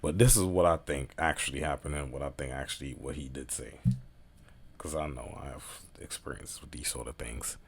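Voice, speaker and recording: A man's voice: rumbling low, normal speed, creaky, breathy edge. A man hosting a casual reaction video, talking in a slangy, rambling, offhand way.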